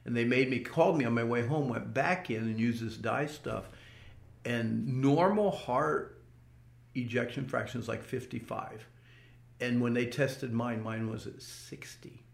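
A man's voice: mid-range voice, measured pace, vocal fry, reverberant. An older man earnestly recounting a personal experience in an interview, often restarting his words. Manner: earnest storytelling with repeated restarts. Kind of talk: personal testimony.

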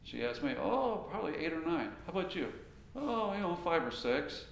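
A middle-aged man giving a conversational sermon on marriage, lively and acting out bits of dialogue. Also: a little high, moderate pace, gravelly. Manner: animated, acts out quoted dialogue. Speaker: pastor teaching on marriage. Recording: roomy with faint ambient noise.

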